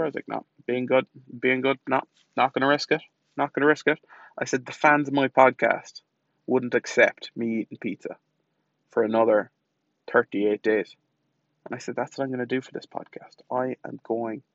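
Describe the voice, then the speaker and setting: A young man rambles through his day in a casual podcast monologue, poking fun at himself and swearing freely. His voice is mid-pitched and sits close to the mic in a dry space. The sound is a little dull and lo-fi. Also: a bit bright, dry recording. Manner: chatty, self-mocking, sweary storytelling. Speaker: podcast host. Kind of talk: casual diary-style monologue.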